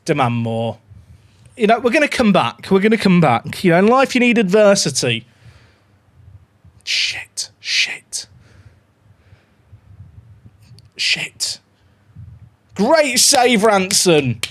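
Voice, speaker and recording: A man live-streaming a football management game, chatting excitedly to his viewers and reacting to every goal. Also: high voice. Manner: excitable, chatty, talks to his dog and chat. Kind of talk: live gameplay commentary.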